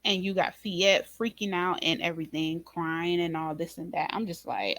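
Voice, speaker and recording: A woman hosting a casual recap of a drama episode, speaking to viewers in an informal, expressive way and acting out her own reactions. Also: lowish voice, normal speed, hardly any pauses, dry recording. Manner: animated, talks to viewers as "y'all" and "baby"; acts out her own reactions in quoted asides. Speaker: reaction channel host.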